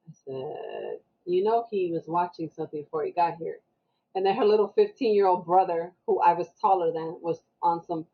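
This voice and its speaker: A woman's voice: moderate pace, husky. A woman, a podcast guest telling a story in casual talk and acting out the people she quotes. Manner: animated, acts out quotes with raised pitch. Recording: dull lo-fi sound.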